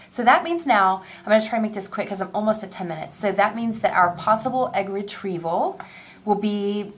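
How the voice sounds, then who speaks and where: A woman in her thirties talking openly in a casual personal video diary, rambling a little and quick to get teary. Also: medium pitch. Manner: chatty, candid, excitable, quick to tear up; rambling with many ums and restarts. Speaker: vlogger.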